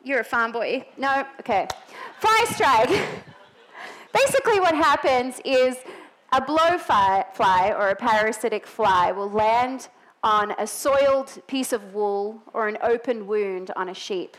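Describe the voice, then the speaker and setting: Woman preacher, non-american english accent, middle-aged, slightly high voice, chatty sermon in a church. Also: animated, takes it slowly, poor audio. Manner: chatty, joking asides.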